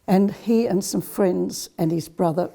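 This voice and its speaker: An older woman answers interview questions in a plain, matter-of-fact way. Her low voice is husky and gravelly, with a dark, mellow tone. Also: a little slow. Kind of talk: reminiscing interview.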